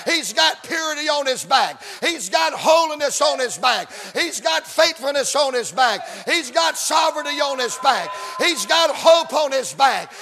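High-voiced preacher shouting. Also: male voice, lively intonation, unhurried, vocal fry, hardly any pauses, faint music behind. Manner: folksy, rhythmic, building to shouts. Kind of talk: sermon.

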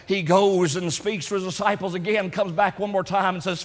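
A man preaching a sermon with passion, building to near shouts and slowing down for emphasis. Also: high voice, steady tone. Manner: impassioned, rising to near shouts when voicing Jesus' prayer; slows down for emphasis, repeats words.

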